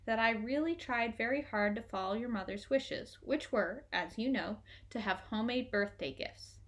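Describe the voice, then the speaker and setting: A woman's voice: a little high, moderate pace, lightly acted. Storybook father, middle-aged, earnest and solemn, apologetic tone, voiced by a woman.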